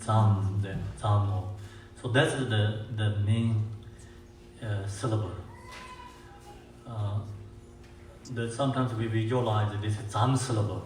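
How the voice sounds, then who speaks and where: Low-voiced man teaching in an echoey hall. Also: fairly even intonation, darkish tone. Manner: halting, with many fillers and restarts; slows to chant mantras. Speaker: Buddhist teacher. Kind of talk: dharma teaching. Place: meditation centre hall. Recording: echoey room, mic far off, faint hiss.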